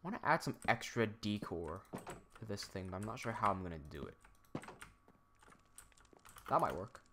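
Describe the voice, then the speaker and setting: Young guy from hong kong, american english accent, really bright voice, chatting on stream reading comments. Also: lowish voice, big pitch swings, moderate pace, a little hiss or hum. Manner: chatty, reads viewer comments aloud. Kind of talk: casual livestream chat.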